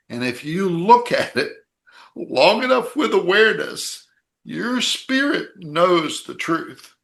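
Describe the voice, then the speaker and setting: A man hosting a spiritual podcast, explaining ideas in a calm teaching way and checking in with "okay?" and "right?". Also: mid-range voice, reverberant. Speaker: podcast host and author.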